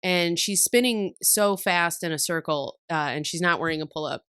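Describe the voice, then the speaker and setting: A woman in her thirties hosting a casual podcast chat, candid and quick to swear, often laughing through her stories. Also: lowish voice, fairly bright tone, clear, resonant tone, dry recording, studio quality. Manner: candid, swears freely, laughs a lot while telling stories. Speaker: podcast host.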